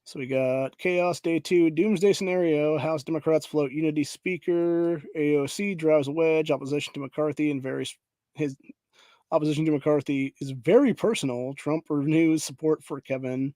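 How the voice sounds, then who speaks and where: A man's voice: a little high, moderate pace, dark tone, no room sound. A man hosting a political podcast, ranting angrily and profanely, often saying "dude", and reading headlines aloud. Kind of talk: angry political rant.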